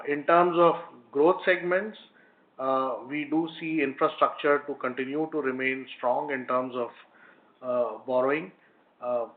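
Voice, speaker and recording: A man, a company executive, explaining answers to analysts on an earnings call, with many pauses and fillers. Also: medium pitch. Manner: hesitant, frequent fillers, explanatory. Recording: phone-line conference call audio.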